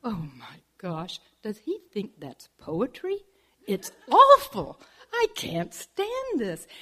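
Woman voicing a prim, touchy cactus lady from a folk tale, fretful, lively swooping voice. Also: high voice, a little slow, pitched above the performer's own voice. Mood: appalled. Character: fussy vain female saguaro cactus, easily offended.

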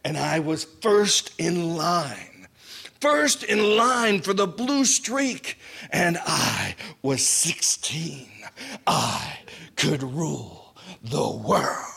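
A man telling a personal story with drama, dropping to hushed asides and rising to shouts, laughing through lines. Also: high-pitched, sing-song, takes it slowly, vocal fry, breathy edge.

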